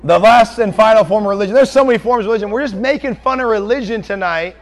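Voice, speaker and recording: High-voiced joking preacher. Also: male voice, quick pace. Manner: blunt, joking, conversational preaching. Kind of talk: sermon.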